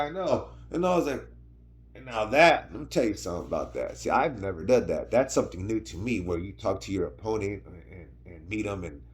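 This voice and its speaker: A middle-aged man telling a story to camera in a casual, slangy, rambling way, often asking "right?". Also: deep voice. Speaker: vlogger.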